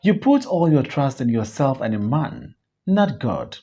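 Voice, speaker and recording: A slow, husky reader works through a stage play, lines and stage directions alike. The pitch leaps and dips all over the place, while the tone stays dark and mellow. The recording sounds dull and muffled. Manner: slow, measured reading with lively pitch swings. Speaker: audiobook reader. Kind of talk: reading a stage play aloud, stage directions included.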